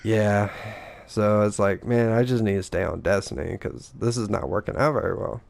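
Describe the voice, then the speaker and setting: Smooth-voiced man swearing through gaming stories. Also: fairly low pitch, normal speed, a little mellow. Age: adult father. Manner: rambling, profane, acts out quoted lines. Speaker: gaming podcast co-host. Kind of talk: casual chat.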